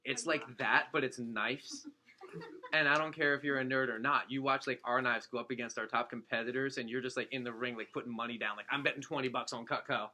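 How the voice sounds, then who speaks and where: A man speaking as a district manager to his sales team, an animated storyteller who acts out quotes and jokes, in a meeting room with an audience. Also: mid-range voice, a little fast. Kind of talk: motivational talk to a room.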